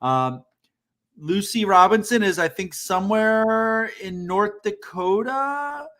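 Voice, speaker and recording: A man's voice: sits high, expressive, slow, sharp tone. Blunt, direct man hosting a livestream. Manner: blunt, direct, self-described band-aid ripper. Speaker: co-host of a military job-search livestream. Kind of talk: casual livestream talk.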